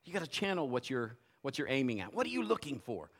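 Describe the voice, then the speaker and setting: A middle-aged man preaching a sermon, telling folksy personal stories and swinging from quiet asides to loud, emphatic points. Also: mid-range voice, big pitch swings, quick pace. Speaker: pastor.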